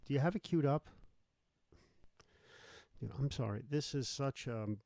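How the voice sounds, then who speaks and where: A man's voice: mid-range voice, unhurried, vocal fry, darkish tone, no echo. A man hosting a live call-in show, irritable and blustering, complaining and swearing about his setup. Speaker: show host.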